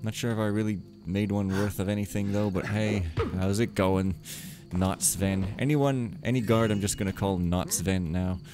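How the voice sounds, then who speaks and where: Game music plays behind this let's play host, a man whose lowish, steady voice moves at a moderate pace with few pauses. He rambles through wry, joking commentary, talking to himself as he plays.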